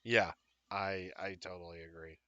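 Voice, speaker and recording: Bright-voiced rambling male co-host. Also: low voice, steady tone, normal speed, no room sound, muffled recording. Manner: rambling, many fillers and restarts. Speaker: podcast co-host. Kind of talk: casual live-stream chat.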